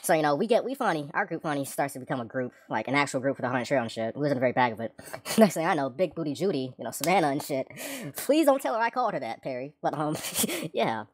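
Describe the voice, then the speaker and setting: A woman's voice: low voice, sing-song, quick pace, husky. A woman telling a story on her vlog in a casual, rambling way, swearing a lot and breaking off into joking asides.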